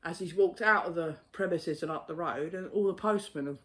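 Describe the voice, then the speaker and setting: A man chatting casually to camera, a postal worker telling stories in a blunt, sweary, animated way. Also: a little high, fairly quick.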